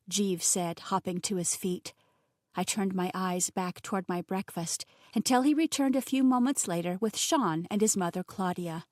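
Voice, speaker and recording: Expressive woman narrating an audiobook. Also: medium pitch, normal speed, dry recording, clean studio sound. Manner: expressive, voices the characters.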